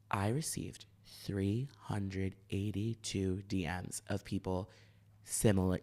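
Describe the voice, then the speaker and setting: A young man, co-hosting a podcast and telling stories in casual chat, acting out the people he quotes. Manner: animated, acts out quotes with big shifts in pitch. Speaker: podcast co-host.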